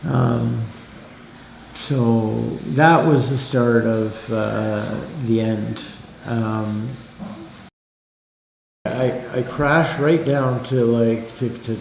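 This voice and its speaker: A man's voice: medium pitch, steady tone, extremely slow, gravelly. A man telling a personal story in casual talk, with many fillers and restarts, and a livelier voice when he quotes other people. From Canada. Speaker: interviewee telling his life story. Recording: echoey room with faint noise.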